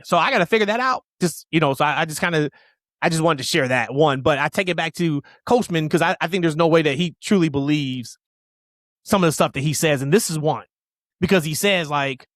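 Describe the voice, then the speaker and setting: A man co-hosting a casual wrestling podcast, opinionated and emphatic, rushing through tangents. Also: a little high, lively intonation, fairly bright tone, dry recording, clean studio sound. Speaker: podcast co-host.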